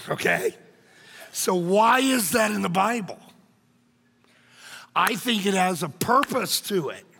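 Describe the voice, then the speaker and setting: A male pastor preaching a sermon in a church, animated and joking, calling out to the congregation. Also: high voice, gravelly, long reverb tail. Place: church sanctuary.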